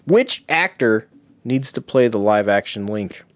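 A man's voice: fairly low pitch, big pitch swings, measured pace, no echo. A man co-hosting a casual comedy podcast, laid-back and laughing often. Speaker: podcast co-host.

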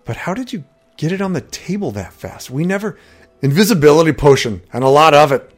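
A gruff Nord warrior with a short fuse, as a male narrator puts him on, barking his words loud and high above the telling. Faint music sits underneath the storybook reading. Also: lively intonation, a little fast. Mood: brisk. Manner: barks his lines louder and higher than the narration. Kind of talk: audiobook character voice.

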